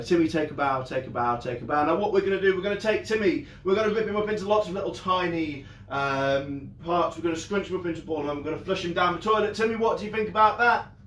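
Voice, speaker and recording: A man's voice: a little high, slight background noise. A young man who entertains children, teaching a magic trick in a playful, jokey way on a live stream from a room at home. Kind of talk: live online magic lesson for kids. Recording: roomy echo, mic at a distance.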